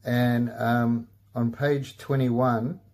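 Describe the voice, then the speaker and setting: A man's voice: medium pitch, flat delivery, extremely slow, a little mellow. A man hosting a casual comedy podcast, laid-back and swearing a lot, laughing at himself. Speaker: podcast host.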